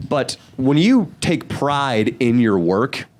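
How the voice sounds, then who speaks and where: A man's voice: mid-range voice, sing-song, takes it slowly. A man co-hosting a podcast, asking teasing, joking questions in casual chat. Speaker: podcast co-host.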